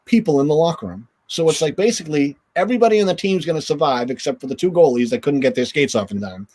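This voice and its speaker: A former hockey goaltender from the northern United States, a fast-talking man with a high-leaning, darkish voice and lively intonation, tells a long story casually as an interview guest. He acts out the voices of the people in it.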